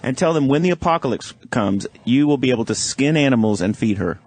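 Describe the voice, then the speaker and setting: A man's voice: medium pitch, fairly quick, no echo. A man hosting a radio show, trading crude, mocking banter with guests in a studio. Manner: profane, animated, mocking. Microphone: studio microphone.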